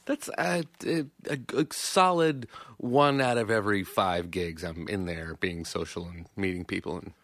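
An American musician in casual chat as a podcast co-host, self-deprecating and quick to laugh. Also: male voice, deep voice, fairly bright tone, no echo. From United States.

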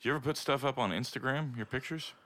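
A man's voice: mid-range voice, fast talker, fairly bright tone. A man co-hosting a podcast in casual chat, laid-back and teasing. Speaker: podcast co-host, musician.

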